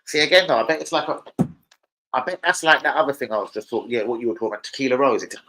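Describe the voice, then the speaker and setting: A man talks loosely on his live stream, rambling between topics. He leans on slang and swears all the time. His voice sits at an ordinary middle pitch. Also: very fast, sharp tone, poor audio. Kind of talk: casual live stream chat. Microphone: streaming setup mic.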